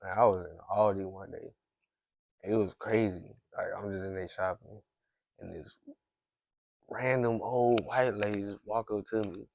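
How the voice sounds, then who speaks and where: A man's voice: on the low side, steady tone, measured pace, vocal fry, long pauses, darkish tone, slight background noise. A man hosting a podcast, telling a story in a casual, rambling way with lots of restarts. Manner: rambling, heavy use of "like", frequent restarts. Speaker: podcast host.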